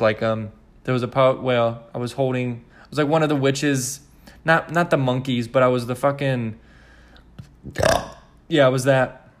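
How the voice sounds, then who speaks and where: A man hosting a podcast in casual chat, rambling with lots of fillers and swearing. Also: mid-range voice. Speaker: podcast host.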